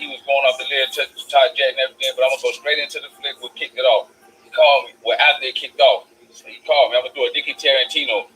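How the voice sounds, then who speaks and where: Fast-talking, profane male storyteller. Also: mid-range voice, a little hiss or hum, rough recording. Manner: animated, profane, acts out both sides of dialogue; streetwise slang, many repeated "I said". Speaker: vlogger. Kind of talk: casual storytelling monologue.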